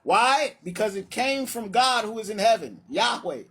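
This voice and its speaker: A man's voice: sits high, expressive, normal speed, a bit bright, slightly rough. A man hosting a live-streamed religious debate, brash and taunting, calling challengers up and laughing at his own points. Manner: brash and taunting, calls people up.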